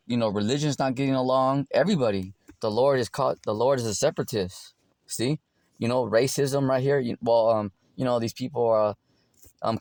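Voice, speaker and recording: Male preacher, streetwise and crude, mid-pitched, close dry sound. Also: a little mellow, dry recording. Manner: loose and profane, acts out voices of others, many fillers. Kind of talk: casual street-style Bible teaching.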